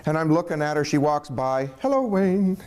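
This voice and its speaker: Against a noisy background, a man with a slightly high voice talks a little fast as he tells a personal story. He's casual and animated, chuckling along and acting out the voices of the people he quotes.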